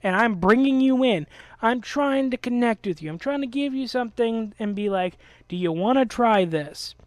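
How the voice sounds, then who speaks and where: A man's voice: very high voice, moderate pace, no echo. A young man hosting a game video, delivering an angry, profane rant about a friend. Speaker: Let's Play host. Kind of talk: ranting commentary over gameplay.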